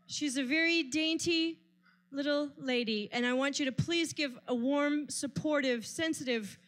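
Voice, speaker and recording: A woman's voice: high-pitched, a little slow, fairly bright tone. A woman hosting a live stand-up show, teasing the crowd with playful banter before bringing up the next comic. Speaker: comedy show host. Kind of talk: stand-up comedy emcee. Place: live comedy stage.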